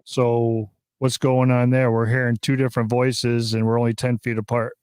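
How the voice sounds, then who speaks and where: A man hosting a live podcast, talking casually and excitedly, with many fillers and restarts. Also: medium pitch, normal speed, clear, resonant tone, dry recording, clean studio sound. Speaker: podcast host.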